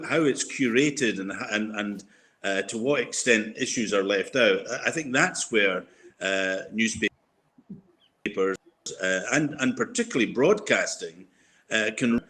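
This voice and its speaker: A man's voice: lowish voice, lively intonation, unhurried, bright, forceful tone. An older man, a guest columnist, talking over a podcast in a hesitant way, full of fillers and restarts. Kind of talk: casual podcast discussion.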